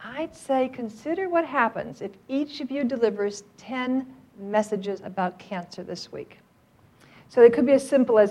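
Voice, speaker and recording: A woman's voice: on the high side, moderate pace, a little mellow. A middle-aged woman training a live audience, upbeat and joking as she coaxes them to speak up. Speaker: workplace trainer on cancer outreach.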